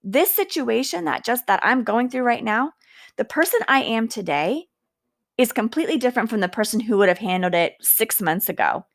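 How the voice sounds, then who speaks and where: A woman in her thirties talks through a personal reflection on her podcast. Her delivery is earnest and faith-filled, and she slows down to lean into the words that matter most. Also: a little high, animated. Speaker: podcast host.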